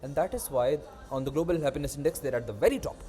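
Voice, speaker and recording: A young man hosting a casual podcast, telling animated, rambling stories and swearing freely. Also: a little high, quick pace, soft background music. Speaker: podcast host. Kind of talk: casual chat.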